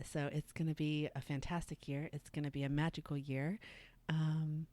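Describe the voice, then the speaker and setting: A woman's voice: low-pitched, level tone, moderate pace, warm tone. A woman hosting her own podcast as a sex educator, talking in a loose, chatty way with lots of ums and some casual swearing. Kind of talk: casual solo podcast chat.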